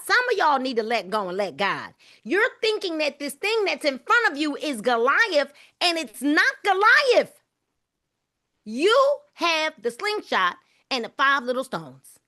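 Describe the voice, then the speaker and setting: A woman's voice: high voice, bright, forceful tone. A woman hosting a live book club, reading aloud and preaching fervently in casual, informal speech, often repeating her phrases.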